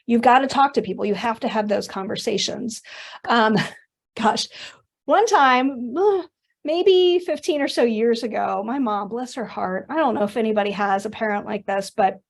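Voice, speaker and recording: Lively woman presenting a webinar. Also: on the high side, measured pace. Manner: animated storytelling with conversational asides. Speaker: workshop presenter.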